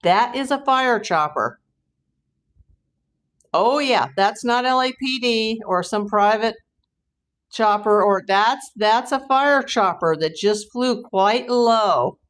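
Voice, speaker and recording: A woman's voice: a little high, expressive, slow pace. A woman from Southern California hosting a true crime livestream, chatting casually, reading viewer comments and rambling with frequent laughs.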